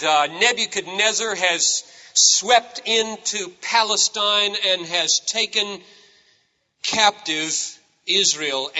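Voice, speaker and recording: A man preaching a sermon and reading scripture, with emphatic swings in pitch and stress. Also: pushed and bright. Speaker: pastor. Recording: old sermon tape, long hall reverb.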